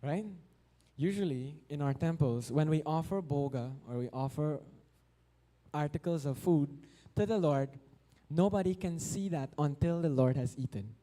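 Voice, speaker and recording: A man preaches at a temple festival with a lively, storytelling delivery. His voice sits a little high but sounds mellow and soft-edged. He acts out the characters and slips into chanted verses as he goes. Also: normal speed. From Guyana. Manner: animated storyteller acting out voices, sings verses. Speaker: devotional speaker. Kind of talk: storytelling sermon. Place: temple hall.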